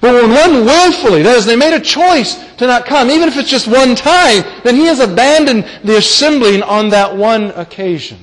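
High-voiced man preaching in a reverberant hall. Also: lively intonation, moderate pace, few pauses. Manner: emphatic, repeats key phrases, asks rhetorical questions. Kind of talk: sermon. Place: church meeting hall. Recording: long reverb of a large hall.

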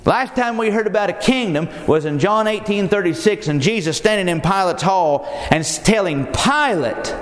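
High-voiced preacher in an echoey hall. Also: male voice, expressive, normal speed, few pauses. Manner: emphatic, rhetorical questions, addresses listeners as friends. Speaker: pastor. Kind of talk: sermon. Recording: echoey hall with long reverb.

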